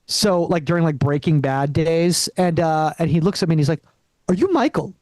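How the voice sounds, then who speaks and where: Young man, stand-up comedian, high pitch, dry mic, rambling delivery, club stage. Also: fairly even intonation, brisk, a little mellow, no echo. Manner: rambling, many restarts and acted-out quotes. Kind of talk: stand-up set.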